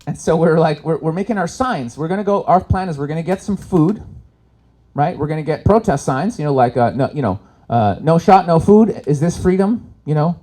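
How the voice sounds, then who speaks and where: A man from Canada tells stand-up stories to a live crowd, his pitch swooping all over as he jumps into the voices of the people in his tales. His voice sits a bit high for a man. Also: brisk. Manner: animated storytelling, acts out characters with voices. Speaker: stand-up comedian. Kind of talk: stand-up comedy set. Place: expo stage in front of a live audience.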